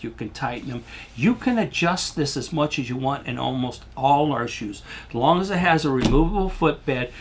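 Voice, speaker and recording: A man's voice: mid-range voice, gravelly, a little hiss or hum. An older man giving a rambling, folksy product demonstration as a shoe salesman, losing his voice and coughing now and then.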